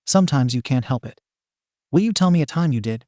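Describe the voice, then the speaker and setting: A cheerful male hero teacher comforts his student softly, voiced by a man. He reassures her in an everyday mid-range voice. The recording is close and dry. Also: medium pitch, expressive, brisk, no echo, natural voice. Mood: gentle. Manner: gentle, reassuring.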